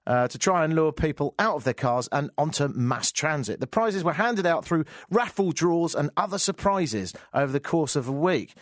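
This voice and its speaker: A man hosts a radio show, chatting wryly about the week's odd stories and muttering asides to himself. His voice is fairly high and swoops up and down a lot, heard close and dry with no room sound. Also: lively intonation, normal speed, few pauses, dry recording. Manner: wry, rambling, mutters asides. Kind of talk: casual news chat.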